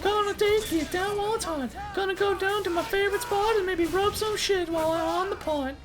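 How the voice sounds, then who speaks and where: Comic reading: a dramatic elf captive in a shrill falsetto, put on by a man. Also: fairly quick, music in the background. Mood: scheming. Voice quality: high falsetto. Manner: melodramatic, shrill. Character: captive horned elf woman, defiant and dramatic.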